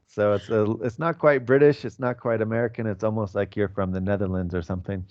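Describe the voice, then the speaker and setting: Male English teacher, 40s, low and patient, speaking over a muffled video call. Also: fairly even intonation, fast, darkish tone. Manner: patient, explanatory, many fillers. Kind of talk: online class teaching.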